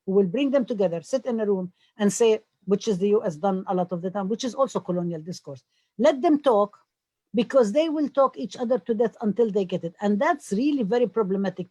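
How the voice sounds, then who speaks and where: A scholar holds the floor on a discussion panel. The voice is husky and close, with no room sound. The delivery stumbles over fillers, then turns firm and emphatic. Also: mid-range voice, mellow, no room sound.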